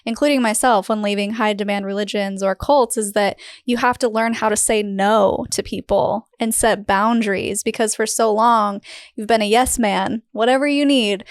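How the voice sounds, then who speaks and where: A woman's voice: mid-range voice, fairly even intonation, normal speed, no echo, clean studio sound. A woman hosting a podcast interview, speaking in an affirming, encouraging way and giving many short replies of agreement. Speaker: podcast host. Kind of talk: supportive interview conversation.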